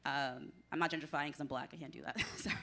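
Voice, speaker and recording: A woman's voice: sits low, steady tone, fast talker, creaky, fairly bright tone. A young woman from Washington, D.C. doing a stand-up comedy set, chatty and self-deprecating, laughing between her jokes. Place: small club stage with audience.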